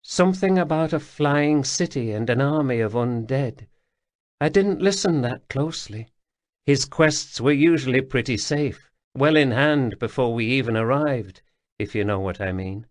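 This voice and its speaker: A man voicing a calm, wry female ghost. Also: medium pitch, normal speed, dry recording, studio quality, natural voice. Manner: quiet, murmuring, resigned.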